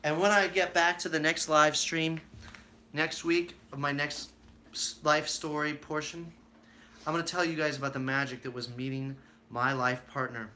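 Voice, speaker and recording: A man talks casually to his live-stream viewers, telling stories full of fillers and little acted-out quotes. His voice sits somewhat high and sounds bright and forward. A faint hiss of noise lies under it. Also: level tone, moderate pace. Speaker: street magician hosting a live stream.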